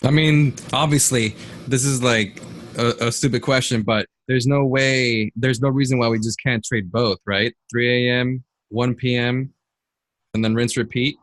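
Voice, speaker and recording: A man's voice: medium pitch, fairly even intonation, measured pace, fairly bright tone. Casual man asking a trading question.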